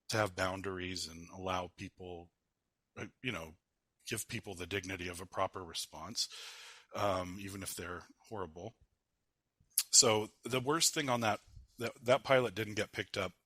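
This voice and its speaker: Man with a low, forceful voice. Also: no echo. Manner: hesitant, many ums and restarts. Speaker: podcast guest. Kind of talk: candid interview storytelling.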